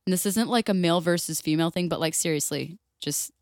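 A woman's voice: on the low side, brisk, darkish tone, dry recording, clean studio sound. Blunt, sweary woman reading a story. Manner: blunt, sweary, laughs often. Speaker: podcast co-host. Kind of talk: casual chat, reading a story aloud.

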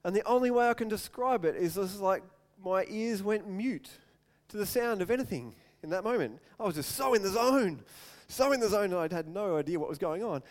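A man preaching a sermon, telling stories and acting out quotes in loud bursts. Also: animated, a little fast, few pauses. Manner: storytelling, acts out quotes with sudden loud raised-pitch outbursts. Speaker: pastor. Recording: long hall reverb.

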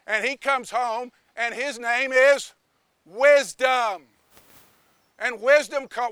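High-voiced, animated male preacher. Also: clear, resonant tone, dry recording. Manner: animated, theatrical. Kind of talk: storytelling sermon.

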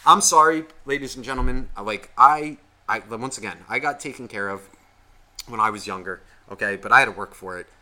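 A man's voice: medium pitch, brisk, sharp tone. A man co-hosting a podcast, telling a rambling, profanity-laced story in casual chat. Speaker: podcast co-host.

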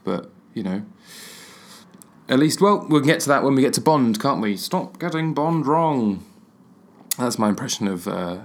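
A man, hosting a podcast alone, rambling and self-deprecating with jokey asides. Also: lowish voice. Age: 20s. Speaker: podcast host. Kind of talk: solo comedic podcast rambling.

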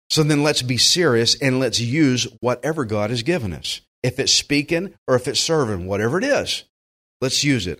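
A man with a Southern US accent preaching a sermon as pastor, folksy and animated, acting out the voices of the people he quotes. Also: medium pitch.

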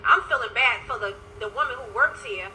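Bright, high-voiced woman life coach. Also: a little fast, slight background noise, low-quality recording. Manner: animated storytelling with religious interjections. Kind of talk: casual livestream talk to viewers. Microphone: phone.

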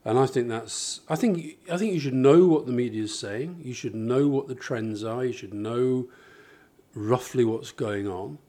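Speaking a little slowly, this man has a mid-range voice with a dark tone. As the author in a conversational interview about his book, he explains his ideas thoughtfully, illustrating them with examples and often restarting.

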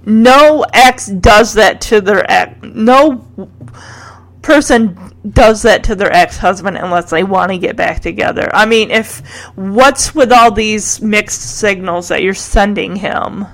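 A woman's voice: mid-range voice, moderate pace, gravelly. A woman recapping a TV episode in a chatty, opinionated and exasperated way. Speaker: TV recap vlogger.

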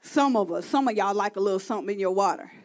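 A woman preaching a sermon to a congregation, calling out to the crowd and building to shouts. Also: medium pitch, quick pace. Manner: call-and-response preaching, rising to shouting.

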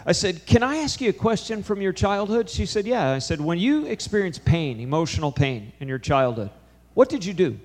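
A man's voice: sits high, big pitch swings, brisk, hardly any pauses, in a large hall. A man preaching a sermon, telling a story and acting out a conversation with changing emphasis. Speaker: pastor.

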